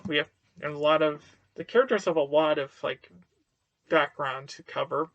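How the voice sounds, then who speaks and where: Guy doing a chill book review vlog, kinda high voice, slow, lots of uhs, dry mic. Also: a bit bright, dry recording, muffled recording. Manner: slow, hesitant, lots of fillers and restarts. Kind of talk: casual talking-head book review.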